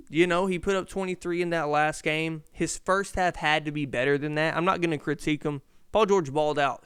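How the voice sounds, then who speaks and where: Profane, rambling sports-podcast host. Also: male voice, a little high, smooth, no room sound, studio quality. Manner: profane, rambling, animated rants. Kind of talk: casual solo sports podcast rant. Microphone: handheld mic.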